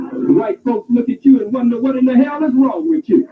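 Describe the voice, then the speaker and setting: A man giving an impassioned lecture, telling an animated story and shouting at times, on a tinny old recording. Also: very high-pitched, a little fast. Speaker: speaker. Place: campus hall. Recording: tinny phone-like archive recording.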